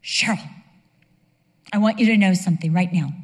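A woman's voice: on the low side, moderate pace, close to an everyday voice. A woman voicing her elderly mother with dementia, bewildered one moment and firmly sure of her prayers the next. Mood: insistent. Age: older. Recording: long reverb of a large hall.

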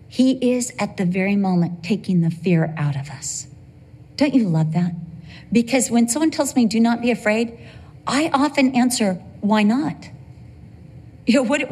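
An older woman preaching a sermon, emphatic, with humorous asides. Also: on the high side.

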